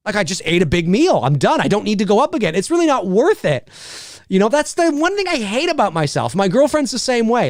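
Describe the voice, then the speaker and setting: A man's voice: high voice, very animated, fairly quick, dry recording, studio quality. A man in his thirties hosting a casual livestream, rambling and laughing as he answers viewer questions. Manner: rambling, laughs often, restarts lines. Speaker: livestream host. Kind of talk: casual live chat.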